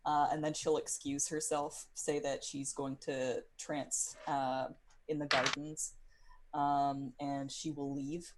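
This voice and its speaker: A woman's voice: low voice, flat delivery, takes it slowly, a little hiss or hum. A woman player in a tabletop game, describing her character's actions in a rambling way with fillers. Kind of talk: casual tabletop game chat.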